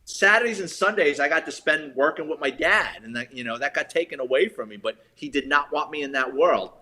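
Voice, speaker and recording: A middle-aged man with a New York accent from the Bronx, a retired detective telling animated stories as a guest. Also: on the high side, brisk. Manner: animated, lively storyteller acting out quotes. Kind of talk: casual storytelling interview.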